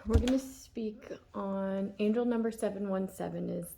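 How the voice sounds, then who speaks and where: A woman's voice: mid-range voice, normal speed, vocal fry, noisy background. A woman giving a casual, chatty tarot reading, laughing often and full of fillers. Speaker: tarot reader.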